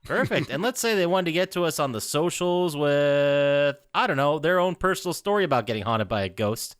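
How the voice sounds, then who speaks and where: A man's voice: on the high side, lively intonation, a little fast, smooth, no room sound, clean studio sound. A man co-hosting a casual podcast, playfully quizzing his friends with would-you-rather questions. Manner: playful, quizmaster-like.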